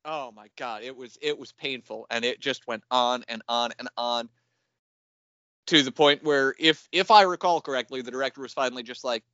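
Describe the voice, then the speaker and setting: Male podcast co-host, animated storyteller, bright voice, dry and lo-fi sound. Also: medium pitch, normal speed, no room sound. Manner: animated, laughs often. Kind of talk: casual chat, storytelling. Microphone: remote call mic.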